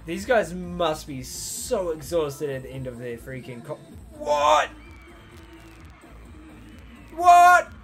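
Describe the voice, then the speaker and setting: A man's voice: fairly high pitch, expressive, a little slow, hardly any pauses, a little mellow, soft background music, a faint crowd. A young man hosting a reaction video, talking casually and breaking into hyped exclamations. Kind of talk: excited reaction commentary.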